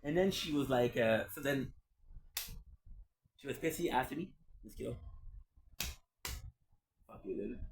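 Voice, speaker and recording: A man's voice: medium pitch, animated, a little slow, pauses often, slight background noise, rough recording. A man streaming and chatting casually, rambling and repeating himself with plenty of swearing. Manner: swears freely, rambling and repetitive.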